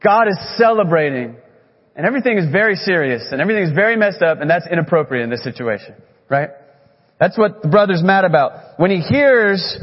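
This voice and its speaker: Man, pastor, sermon, earnest, emphatic, long hall reverb, dull muffled recording. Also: high voice. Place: church sanctuary. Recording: echoey hall, muffled sound.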